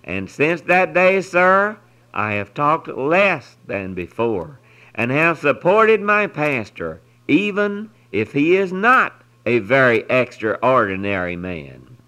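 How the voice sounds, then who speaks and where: Slow, earnest male devotional reader. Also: fairly high pitch, low-quality recording. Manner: earnest, expressive storytelling with solemn pauses. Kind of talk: reading a devotional story aloud.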